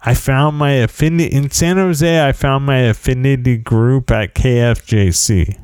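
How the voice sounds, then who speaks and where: A man's voice: medium pitch, moderate pace, darkish tone, smooth, dry recording, studio quality. A man telling a rambling, humorous anecdote in a casual way, often breaking off and restarting his sentences. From United States. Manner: rambling, self-interrupting, wry and humorous.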